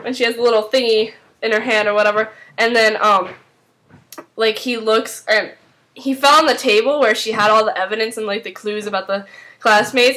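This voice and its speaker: A young woman casually recapping a TV episode, rambling excitedly with lots of fillers. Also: fairly high pitch, normal speed.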